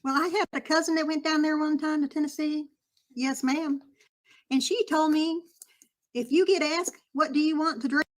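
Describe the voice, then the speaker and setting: A woman's voice: high voice, steady tone, normal speed, pitched above the performer's own voice, close to an everyday voice. A woman voicing a vain, nervous outsider who is clumsily faking a Southern accent to blend in, stammering over her words. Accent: put-on Southern US. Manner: stammering, nervous, eager to fit in. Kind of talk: comedic role-play.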